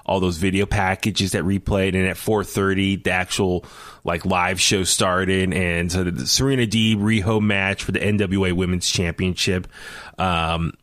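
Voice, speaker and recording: A man hosting a casual podcast chat, telling his stories in an animated, talkative way. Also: low-pitched, a little slow, no room sound, studio quality. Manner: animated, chatty storytelling. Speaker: podcast host.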